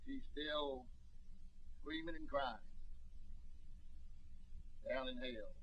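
An older man preaching a sermon, telling stories folksily and acting out voices with sudden shouts. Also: medium pitch, drawn-out words, breathy edge, highs cut off.

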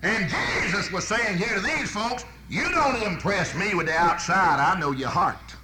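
Preacher, male, slightly high voice, folksy, shifts from loud to hushed. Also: lively intonation, measured pace, a loud crowd. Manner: folksy storytelling with sudden swings from loud to soft. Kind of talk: sermon.

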